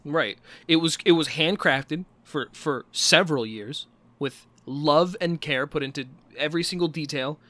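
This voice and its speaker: Brief: halting casual man, dry close sound, improv banter. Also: on the high side, bright, forceful tone, no room sound. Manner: casual, halting, restarts often, swears.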